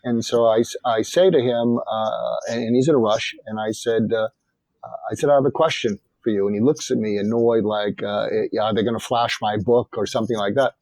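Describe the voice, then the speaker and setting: A man's voice: lowish voice, darkish tone, no room sound, low-quality recording. An older man, a psychiatrist and author, telling anecdotes as a guest in an interview. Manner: measured anecdotal storytelling. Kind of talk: storytelling in an interview.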